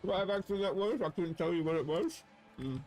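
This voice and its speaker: A man's voice: high voice, animated, a little fast, a little mellow. A man chatting casually while playing a video game on a livestream, rambling and correcting himself with wry asides. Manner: rambling, self-interrupting, wry. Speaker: streamer.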